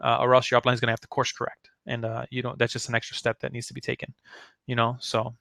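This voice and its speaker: Bright-voiced man coaching sales. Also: mid-range voice, monotone, fast talker, creaky, dry recording. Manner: chatty, filler-heavy, acts out sample phone lines. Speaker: network marketing trainer. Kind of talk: casual training talk.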